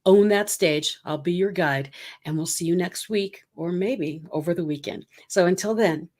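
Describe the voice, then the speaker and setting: A woman's voice: lowish voice, moderate pace, darkish tone. Chatty upbeat woman podcast host. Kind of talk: casual podcast chat.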